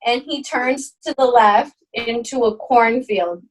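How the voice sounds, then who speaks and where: A young woman telling a story to her friends, fairly high-pitched and recorded a little away from the mic. She swears freely and acts out what everyone said, jumping way up in pitch at the wild moments. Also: slow, far from the mic, rough recording. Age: young adult. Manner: animated, swearing, acts out quotes with big pitch jumps. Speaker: podcast co-host. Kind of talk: casual storytelling chat.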